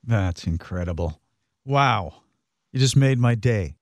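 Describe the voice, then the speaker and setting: A man's voice: on the low side, animated, takes it slowly, no room sound. A man hosting an interview, reacting and introducing his guest in an enthusiastic, emphatic way. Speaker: host. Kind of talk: interview conversation.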